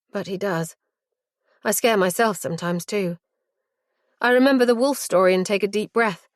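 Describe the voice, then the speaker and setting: Female audiobook narrator, mid-pitched, measured and hushed, dry studio sound. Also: dry recording. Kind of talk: first-person thriller narration.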